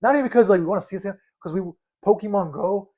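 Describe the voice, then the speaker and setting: A man's voice: high-pitched, fast. A young man in his twenties co-hosting a casual podcast, talking loosely with lots of slang and repetition. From Los Angeles area. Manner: loose, slangy, excitable, repeats himself. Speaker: podcast co-host. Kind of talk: casual chat.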